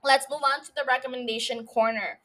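A woman's voice: high voice, steady tone, a little fast, a bit bright. A woman hosting a solo podcast from her room into a mic, blunt and emotional, swearing freely as she rants and gushes. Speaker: podcast host. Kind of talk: casual solo podcast talk. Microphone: studio mic.

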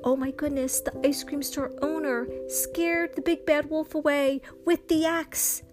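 A woman with a slightly high voice tells an improvised children's story at an unhurried pace. She is expressive and acts out booms and gasps as she goes. Clear music plays behind her throughout. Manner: slow and expressive, with sound effects and gasps.

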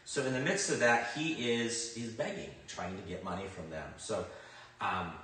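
Emphatic preacher in a very echoey hall. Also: male voice, lowish voice, normal speed, far from the mic. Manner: conversational, swings from loud emphatic bursts to quiet reflection. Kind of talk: sermon. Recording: very echoey room, speaker off-mic.

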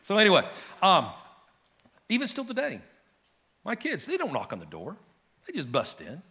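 A middle-aged pastor preaching an animated sermon to his church, calling out to the congregation and building to shouts. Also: sits high, moderate pace. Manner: animated, preaching with rising shouts and audience call-outs. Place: large church sanctuary.

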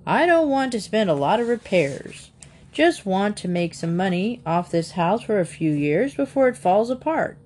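A woman's voice: mid-range voice, big pitch swings, normal speed, darkish tone, a little hiss or hum, lightly acted. A woman voicing a blunt, heavyset male house buyer who talks in clipped, grunting phrases. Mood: gruff.

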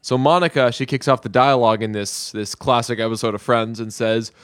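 Young male podcast host, casual and profane, dry close sound, mid pitch. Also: fairly even intonation, brisk, fairly bright tone, dry recording. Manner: loose and profane, with frequent fillers. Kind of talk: casual solo podcast chat.

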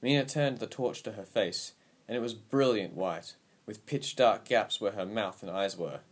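A man with a fairly low voice reads a story aloud in a steady, even manner. His narration stays calm and measured from line to line, and he keeps the telling plain and clear. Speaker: audiobook narrator. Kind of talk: scripted narration.

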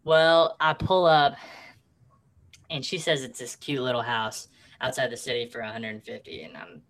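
A man's voice: mid-range voice, steady tone, moderate pace, fairly bright tone. A real estate agent, a man, casually telling a long anecdote in a rambling way with fillers, his voice digitally distorted to hide who he is. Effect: voice distortion for anonymity. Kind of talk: casual storytelling.

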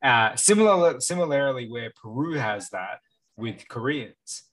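A man's voice: mid-range voice, expressive, unhurried, fairly bright tone, low-quality recording. A man, co-hosting a podcast in loose casual chat, rambling with lots of "like" fillers and the odd swear. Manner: rambling, heavy use of "like" fillers, occasional swearing. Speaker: podcast co-host.

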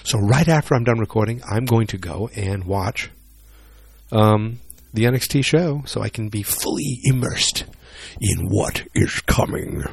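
Rambling, joking man with a low voice. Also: normal speed, gravelly, slightly rough, no room sound. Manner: rambling, joking, self-deprecating. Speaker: solo wrestling vlogger. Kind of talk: casual rambling chat.

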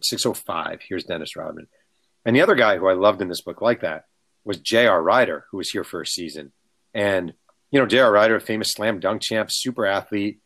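A man, a book author, telling anecdotes in casual conversation and acting out the people he quotes. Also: fairly low pitch. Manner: animated, acts out quotes. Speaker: author guest. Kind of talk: casual storytelling.

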